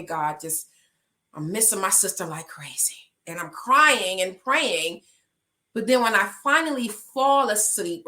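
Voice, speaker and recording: A woman's voice: medium pitch, sharp tone. A woman life coach giving a heartfelt, emotional testimony on a podcast, rising to passionate pleading.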